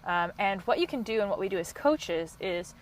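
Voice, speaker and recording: A woman coach hosting a solo podcast, talking in a passionate, quick and high-energy way. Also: expressive, low-quality recording. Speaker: podcast host and couples coach.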